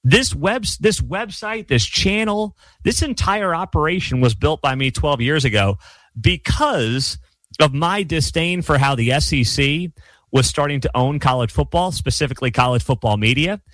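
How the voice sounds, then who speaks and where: A man hosting his own college football channel, giving blunt opinionated commentary with sarcastic asides and animated rants. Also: fairly high pitch, moderate pace, no echo.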